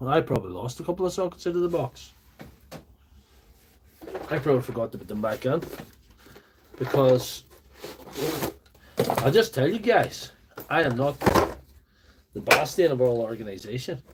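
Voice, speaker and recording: Here a tool-repairing livestream host from Northern Ireland talks in a mid-range voice against a noisy background. Broadcasting casually from a makeshift workshop studio at home via a phone on a small tripod, he rambles along and jokes at his own expense.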